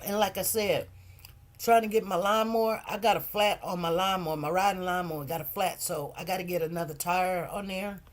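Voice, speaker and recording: A woman's voice: on the low side, steady tone, a little fast. A middle-aged woman hosting a casual livestream, telling stories and preaching in an emphatic, heartfelt way. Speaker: livestream host.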